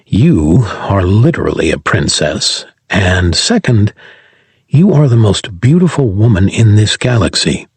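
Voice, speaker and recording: A man's voice: fairly low pitch, creaky, slightly rough, no room sound, heavily acted. A male narrator voicing an earnest, caring starship captain in a science fiction audiobook. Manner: warm, earnest reassurance.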